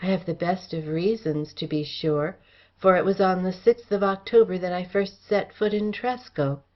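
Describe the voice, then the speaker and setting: A woman reading the part of an earnest young gentleman, the story's narrator, in an audiobook, plain-spoken in old-fashioned prose. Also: lowish voice, fairly even intonation, normal speed, highs cut off, natural voice. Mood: insistent.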